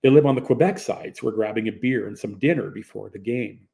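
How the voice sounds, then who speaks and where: A man's voice: on the low side, a little fast, creaky, warm tone. A young man narrating a first-person audiobook in a plain, conversational storytelling manner.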